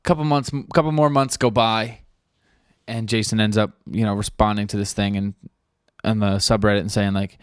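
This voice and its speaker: A man's voice: lowish voice, steady tone, moderate pace, clear, resonant tone, no echo. A man hosting a podcast, rambling casually in a studio, swearing freely and leaning on fillers. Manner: rambling, profane, full of fillers. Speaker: podcast host.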